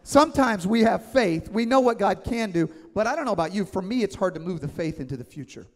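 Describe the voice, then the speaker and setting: A man's voice: high voice, animated, fast. A man in his thirties preaching a sermon as pastor, emphatic and conversational, often checking in with the congregation. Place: church sanctuary. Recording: long church hall reverb.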